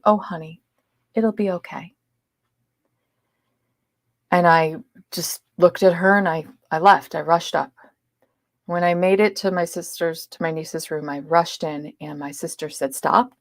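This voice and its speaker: Gravelly low-voiced woman telling a story. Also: no room sound, studio quality. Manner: earnest, swings between loud emphasis and hushed asides. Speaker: podcast guest. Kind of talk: personal storytelling.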